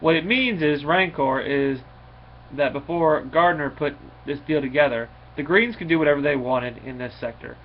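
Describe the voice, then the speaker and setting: A man casually recapping a comic book issue in a rambling, halting way, with many fillers and restarts. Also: fairly high pitch. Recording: slightly dull recording with faint noise.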